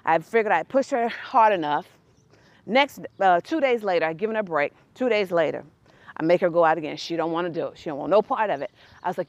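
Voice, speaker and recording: A woman telling a personal story that turns into a faith lesson, animated and quick to laugh. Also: on the low side, no echo.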